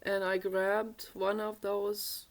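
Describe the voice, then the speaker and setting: A woman's voice: medium pitch, level tone, slow pace. A woman from Germany, telling a childhood story in a rambling, chatty way that corrects itself as she goes. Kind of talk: casual storytelling.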